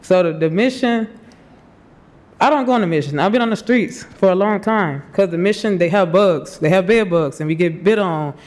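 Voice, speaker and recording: A young man in his twenties speaks at a podium microphone in a city commission chamber, his voice pitched very high. He is crying and talks in a halting, nervous way, pleading with the officials. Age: 20s. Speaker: public commenter. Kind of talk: public comment at a city meeting.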